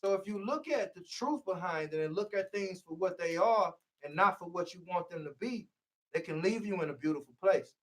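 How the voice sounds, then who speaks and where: High-voiced man preaching in an echoey room. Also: expressive, a little fast, fairly bright tone. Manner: preachy, repeats "see" to drive points home. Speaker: healing speaker. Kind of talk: motivational talk. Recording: echoey room, voice far from mic.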